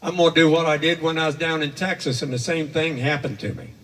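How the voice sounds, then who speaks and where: A man's voice: fairly high pitch, steady tone, fast, a bit bright, close to an everyday voice. A man voicing an angry cowboy, blunt and threatening, heard from far off in an echoey hall. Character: angry male cowboy whose horse was stolen.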